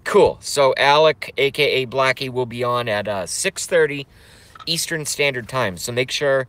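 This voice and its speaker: Casual streamer guy, bright clear tone, loose rambling delivery, jokes around with chat. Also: mid-range voice, moderate pace, no echo. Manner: rambling, joking, reads chat aloud. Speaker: live stream host.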